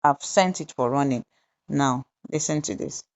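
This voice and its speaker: A woman hosting a software tutorial, explaining each step deliberately and pausing with fillers as she goes. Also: very deep voice. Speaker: tutorial host. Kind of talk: screen-recorded software tutorial narration.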